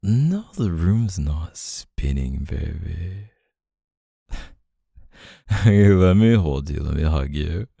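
A young man speaking to the listener as a boyfriend in a role-play, soft-spoken and coaxing, with lots of filler words. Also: low voice, animated, slow, gravelly, long pauses, slightly rough, dry recording, studio quality.

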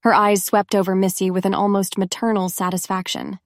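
A woman narrating a scripted story in an even, measured way. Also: medium pitch, dry recording, studio quality.

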